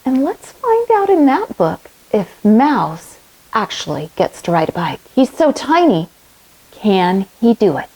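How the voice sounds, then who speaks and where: Animated woman reading aloud to children. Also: mid-range voice, measured pace, breathy edge, low-quality recording. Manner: animated, asks children questions. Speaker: kids' yoga teacher.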